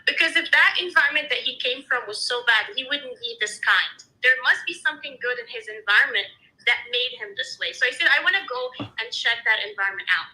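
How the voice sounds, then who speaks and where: A woman in casual conversation, telling a personal story in an animated way and acting out the people she quotes. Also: fairly high pitch, fairly quick, low-quality recording. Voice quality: expressive, animated storyteller who acts out quotes.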